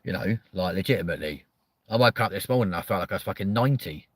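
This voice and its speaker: A man, hosting a live chat show with loud, sweary, joking banter. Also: low-pitched, animated, racing, no echo. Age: 30s.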